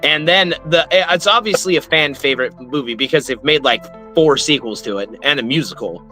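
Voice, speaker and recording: A man co-hosting a horror movie review show in casual chat, excitable, laughing often and swearing freely. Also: a little high, fairly quick, faint music behind.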